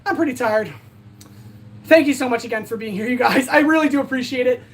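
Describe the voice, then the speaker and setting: A high-pitched woman winds down a casual livestream, rambling and earnest as she thanks her viewers. She sounds tired and a little out of breath, and her bright voice stays light even as it sags with exhaustion. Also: fast. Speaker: livestream host. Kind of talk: casual livestream sign-off chat.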